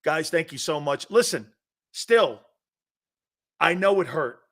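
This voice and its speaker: Bright-voiced man hosting sports talk. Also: on the high side, lively intonation, takes it slowly. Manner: loose, profane, laughs often. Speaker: sports talk show host.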